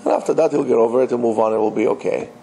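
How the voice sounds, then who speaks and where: A man's voice: mid-range voice, rapid-fire, vocal fry, mellow, a little hiss or hum, low-quality recording. A man, a rabbi, giving an emphatic religious lecture and speaking straight to his listeners with rhetorical questions. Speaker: rabbi teaching.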